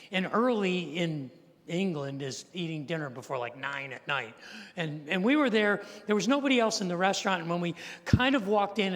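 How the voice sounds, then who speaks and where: A man's voice: high-pitched, a bit bright. A man in his sixties, a pastor, telling a story in a sermon and acting out the people in it. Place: church sanctuary. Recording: long reverb of a large church hall.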